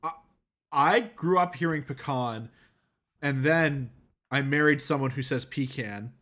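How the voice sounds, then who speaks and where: A man's voice: a little high, a bit bright. A man with a slightly raised voice chatting casually on a podcast with friends. He teases playfully and keeps the tone light. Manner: teasing, playful, quick to laugh. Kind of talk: casual chat.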